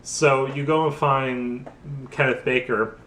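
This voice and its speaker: A man's voice: medium pitch, fairly even intonation, takes it slowly, fairly bright tone, roomy sound. Tipsy rambling young man recapping a game. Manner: rambling, lots of filler and restarts. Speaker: host. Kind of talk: casual comedic game recap.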